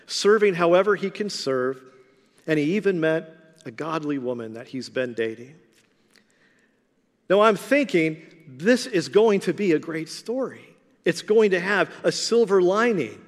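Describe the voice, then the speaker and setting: Male pastor, high voice, lively sermon storyteller, echoing sanctuary. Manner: animated storyteller with big swings in loudness. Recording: long reverb of a large hall.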